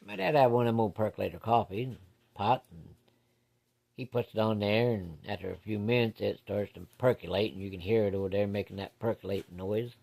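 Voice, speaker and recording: A man's voice: lowish voice, brisk, gravelly, a little mellow. A man telling a personal ghost story from his childhood in a folksy, plain-spoken way with casual swearing.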